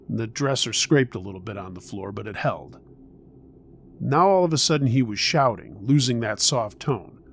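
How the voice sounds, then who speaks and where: This is a first-person horror tale told by a man with a mid-range voice, his delivery tense and carefully measured.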